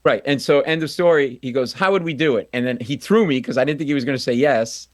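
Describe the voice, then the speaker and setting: Close-miked and dry with no echo, a medium-pitched male comedian guest tells a story on a radio show. He's animated, readily mocks himself, and performs each of the story's voices.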